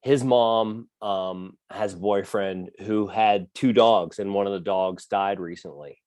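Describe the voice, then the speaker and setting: A man co-hosting a podcast, telling a personal story in a halting, casual way with many fillers. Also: on the low side, fairly even intonation, darkish tone, dry recording, studio quality. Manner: halting, filler-heavy, fatherly. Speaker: podcast co-host.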